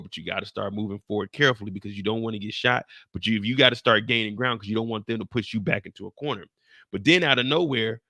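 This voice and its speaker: Gravelly, bright-voiced man recapping a show. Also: mid-range voice, no room sound, studio quality. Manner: acts out scenes with sound effects and personal anecdotes; profane, slangy. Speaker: host recapping a TV episode live. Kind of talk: animated storytelling recap.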